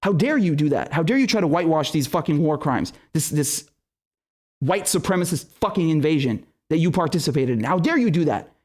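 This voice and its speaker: On his political livestream, a young male host speaks in a fairly high, slightly mellow voice, animated and a little fast. He rants angrily and swears a lot, often stammering and starting over, and reads out the super chats viewers send.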